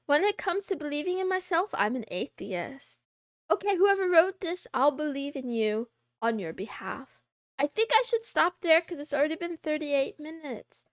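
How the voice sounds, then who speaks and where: A high-pitched woman with a lively, bouncing voice chats with her stream audience, reading messages aloud and teasing. She is playful and giggly, and the recording is dry and close. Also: no echo. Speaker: VTuber streamer. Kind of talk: casual chat reading viewer messages.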